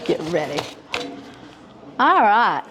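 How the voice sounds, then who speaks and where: A woman's voice: medium pitch, takes it slowly, a crowd in the background. Southern woman telling a funny story. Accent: Southern US, Georgia. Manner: lively, laughing often while telling a story. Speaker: awards presenter. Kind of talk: humorous storytelling speech. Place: school banquet hall with an audience. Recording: audience laughter in a hall.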